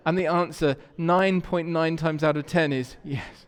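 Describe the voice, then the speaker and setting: English male pastor, conversational sermon delivery, slightly high voice, reverberant sanctuary. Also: measured pace, smooth. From England. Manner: conversational storytelling, asks the congregation questions. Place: church sanctuary. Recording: long church reverb.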